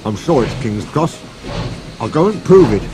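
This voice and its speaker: A man's voice: mid-range voice, very animated, moderate pace, music in the background, lightly acted. A man voicing a big, proud, grumpy male engine in a storybook reading. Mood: grumbling. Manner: boastful, grumbling.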